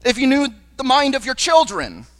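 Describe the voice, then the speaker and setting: A man preaching a sermon as pastor at a church service, earnest and slowing down on key phrases. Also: extremely high pitch, wildly swooping pitch, a bit bright, no echo, studio quality. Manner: earnest, with slowed emphatic phrases. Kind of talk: liturgical sermon.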